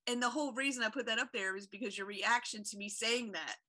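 A slightly high, bright, forceful female voice comes through fast. She co-hosts a podcast, chatting casually with frequent laughter and a steady stream of fillers.

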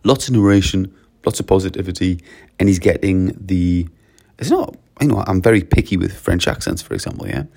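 Gravelly man coaching teachers. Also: low-pitched, a little fast. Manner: animated, coaching, uses lively quoted voices. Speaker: teacher trainer. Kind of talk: talk to teachers.

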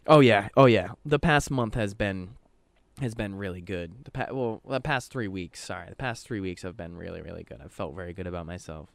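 Deep and a little creaky, another male co-host talks slightly fast on a dry recording with no room sound. His podcast chatter is loose and profanity-laden, and he voices others' words himself.

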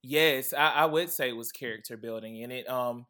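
A young man being interviewed as a guest and content creator, telling his story with lively quoted asides. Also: mid-range voice, moderate pace. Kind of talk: interview answers.

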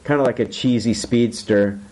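A man casually recapping a TV episode for his co-hosts, excited and swearing freely. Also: fairly low pitch, normal speed. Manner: excited, swears a lot, acts out quotes. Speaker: podcast host recapping a TV episode. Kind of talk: casual chat.

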